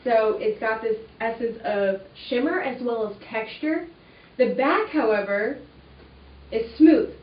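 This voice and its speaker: A woman's voice: a little high, a little slow, a little hiss or hum. A young woman hosting a fabric webinar, chatting casually and enthusiastically with lots of "like" and "um". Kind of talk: casual product walkthrough. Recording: roomy, distant, slightly dull sound with faint ambience.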